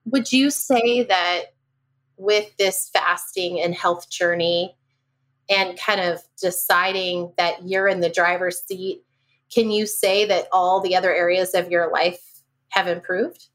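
A woman hosting a casual interview, speaking warmly and encouraging her guest with generous praise. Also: lowish voice, steady tone, takes it slowly. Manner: warm, encouraging, gushing praise. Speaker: podcast host.

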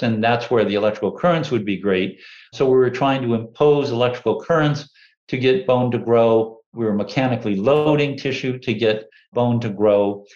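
An older man, an engineer and inventor, telling relaxed, rambling anecdotes in an interview, full of "you know" fillers. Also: medium pitch. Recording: dull echoey room recording.

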